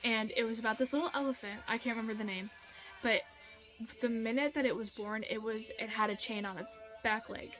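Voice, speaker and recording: A young woman speaks to camera in a casual, earnest vlog, with a slightly high voice. She is chatty and repeats her points for emphasis, and faint music plays underneath. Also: fairly even intonation, a little fast, rough recording. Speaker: vlogger. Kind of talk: casual motivational talk to camera.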